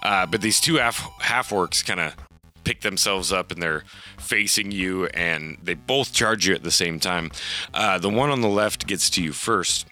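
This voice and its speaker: A man's voice: low voice, unhurried, sharp tone, faint music behind. A man narrating a tabletop game as game master, loosely, with frequent fillers and laughs.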